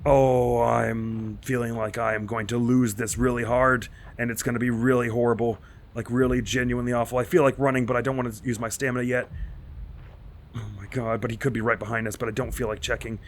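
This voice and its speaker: A gaming channel host commentates a horror game let's play in a mid-range voice, delivering it flatly and briskly over a little hiss or hum. He rambles and mocks himself, jittery with nervous asides, and turns panicky and mumbly whenever something spooks him.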